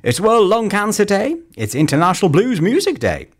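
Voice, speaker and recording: A man's voice: wildly swooping pitch, normal speed. A man presenting a weekend local radio show in a chatty, jokey way from a studio mic. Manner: chatty and jokey, pitch leaping up and down. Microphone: close studio mic.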